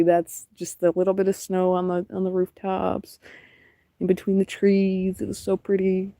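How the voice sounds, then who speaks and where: A woman's voice: fairly low pitch, monotone, normal speed, vocal fry, dark tone, no room sound. A young woman chatting casually and rambling while painting on a stream, laughing often. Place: outdoors in cold wind.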